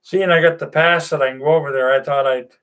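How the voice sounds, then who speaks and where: An older man, casually chatting to his viewers in a rambling, folksy way with lots of pauses. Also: a little high, steady tone, a bit bright. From Nova Scotia, Canada. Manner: rambling, folksy, many "uh"s and restarts. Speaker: vlogger. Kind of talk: casual chat to camera.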